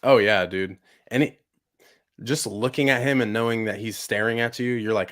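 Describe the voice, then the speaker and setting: Young male podcast host, low-pitched, dry close sound, excitable casual rambler. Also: normal speed, no room sound. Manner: excitable, heavy use of "like" and "bro". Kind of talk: casual chat.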